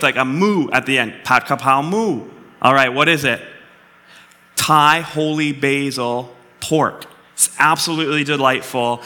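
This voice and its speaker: A man giving a sermon to a congregation, quizzing them playfully and asking them to answer out loud. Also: on the high side. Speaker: pastor. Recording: long hall reverb.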